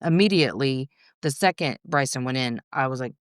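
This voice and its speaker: A woman talks straight into a close podcast mic, her voice smooth and clean, the room dry with no echo. She tells her story candidly, swearing freely and drifting into quick asides. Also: rumbling low. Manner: frank, swears freely, rapid rambling asides. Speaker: podcast guest.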